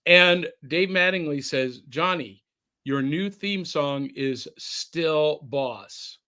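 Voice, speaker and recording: A man's voice: a little high, slow pace, bright, forceful tone, clean tone. A man hosting a podcast, chatting casually and reading listener comments aloud in a jokey way over a remote call. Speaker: podcast host.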